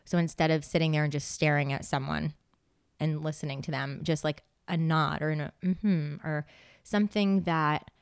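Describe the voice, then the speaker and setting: A woman's voice: low-pitched, fairly even intonation, moderate pace, clear, resonant tone, no echo, studio quality. A chatty woman speaking casually in a podcast conversation, telling stories with quoted asides. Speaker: podcast guest.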